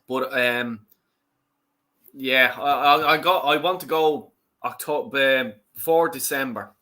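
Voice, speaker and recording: An Irish man hosts a casual football watch-along, his voice bright and forward. He gets excitable with the game and swears loudly at the players. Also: mid-range voice.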